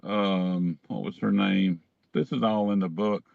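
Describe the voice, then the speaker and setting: A man's voice: fairly low pitch, fairly even intonation, a little slow, gravelly, no room sound, narrow, tinny audio. A man, telling rambling, self-amused stories as a guest in a casual chat. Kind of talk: casual storytelling.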